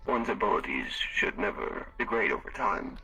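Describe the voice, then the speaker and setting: A man voicing a formal augmented alien with servos, speaking in a measured, clipped way in a live role-play. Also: on the low side, sing-song, gravelly, bright, forceful tone, husky, exaggerated voice. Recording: distant mic with faint music.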